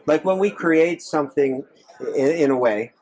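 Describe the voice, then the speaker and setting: A man's voice: a little high, moderate pace, darkish tone. A man, a monk, answering audience questions in a temple hall, earnest, with many restarts and repeated phrases. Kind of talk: live Q&A talk.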